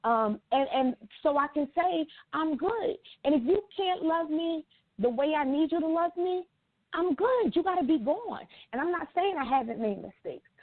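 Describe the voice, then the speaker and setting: A woman co-hosting a casual talk show, blunt and animated and swearing freely. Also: high-pitched, moderate pace, no room sound. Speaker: co-host. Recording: dry tinny phone-like sound.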